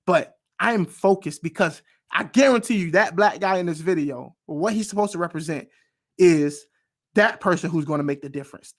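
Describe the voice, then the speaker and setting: A man hosting a reaction video in a casual commentary style. He is animated and emphatic, repeats phrases for stress, and calls for amens like a preacher. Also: on the high side. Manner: animated, preacher-like call and response.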